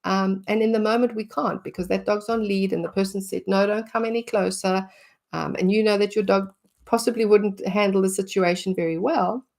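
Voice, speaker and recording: A woman's voice: mid-range voice, brisk, creaky. Chatty woman explaining dog behaviour. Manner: animated, acts out what she would say to the dog. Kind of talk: conversational teaching talk.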